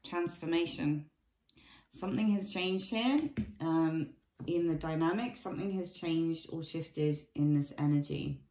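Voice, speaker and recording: A woman giving a casual tarot card reading, musing and thinking aloud with many pauses and ums. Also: low voice, dark tone, reverberant, rough recording. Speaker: tarot reader.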